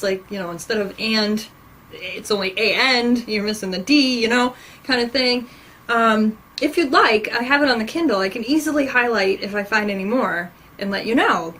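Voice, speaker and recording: Woman host gushing about books, kinda high voice, slight hiss behind her, allergies acting up. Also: a bit bright, poor audio. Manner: chatty, enthusiastic, acts out quoted exchanges. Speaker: podcast host. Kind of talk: casual chat about books and TV.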